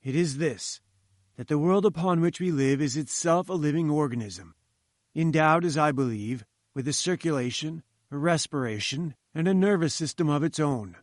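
Man playing a haughty old professor, lectures down to people, fairly high voice, dry close sound. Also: normal speed, dry recording, close to an everyday voice. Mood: condescending. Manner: condescending, lecturing. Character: pompous, patronizing older male professor. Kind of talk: audiobook reading.

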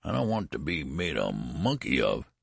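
A man voicing an old man who is really a newborn son, childlike in a high, quavering voice. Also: huge pitch swings, normal speed, vocal fry, breathy edge, no room sound, studio quality, full character voice. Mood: complaining.

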